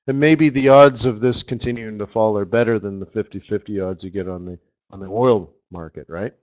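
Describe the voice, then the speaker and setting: A man hosting a live trading webinar, walking viewers through charts in an excitable, slangy, chatty way. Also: lowish voice, brisk. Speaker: forex trading webinar host. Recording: slightly dull lo-fi audio.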